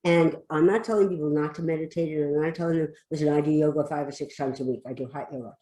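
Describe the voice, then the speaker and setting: An emphatic woman talks as an expert guest on a podcast, driving her points home by repeating them. Her voice is mellow and relaxed in tone. The sound carries a noticeable room echo. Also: low-pitched, fast talker. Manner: emphatic, repeats key phrases. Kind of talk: podcast conversation.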